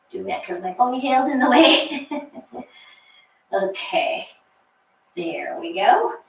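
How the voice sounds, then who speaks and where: A fitness instructor leads a workout, her slightly high voice encouraging, counting down, and breaking into light laughs while slightly out of breath. She's recorded from a distance, off-mic in an echoey room with faint hiss.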